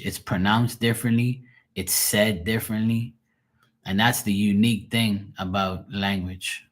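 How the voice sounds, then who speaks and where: A man with a Bermudian accent chatting casually on a livestream as a tarot reader, rambling and swearing freely. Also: lowish voice. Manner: rambling, profane, laughs often. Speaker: live tarot reader and streamer.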